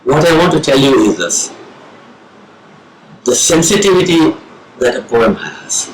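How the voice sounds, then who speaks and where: A man with an Indian English accent, a professor of English giving a slow, measured lecture on reading poetry with deliberate pauses. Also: medium pitch, lively intonation, background noise. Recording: roomy with faint ambience.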